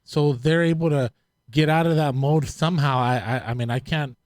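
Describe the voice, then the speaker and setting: A man who hosts a talk show and works as a DJ, speaking casually in halting, rambling sentences with many restarts. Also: a little high, no echo. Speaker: host and DJ. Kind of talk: casual chat.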